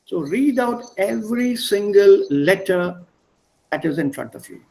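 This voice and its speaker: Man, high voice, language teacher, video call, repeats and spells words, encouraging. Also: animated, a little slow, gravelly, darkish tone, low-quality recording. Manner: reassuring, coaxing students to speak up. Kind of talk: online class teaching.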